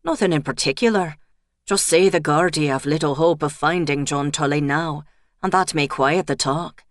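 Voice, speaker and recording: A man's voice: on the high side, normal speed, dry recording, clean studio sound, natural voice. A woman doing a guarded policeman. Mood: guarded, confiding. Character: nervous young Irish police officer.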